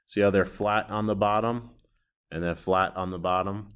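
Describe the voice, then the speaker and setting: A man's voice: lowish voice, fairly even intonation, normal speed, a bit bright, smooth. A man teaching a recorded drawing lesson, chatty and self-deprecating, reacting aloud to his own sketches as he works.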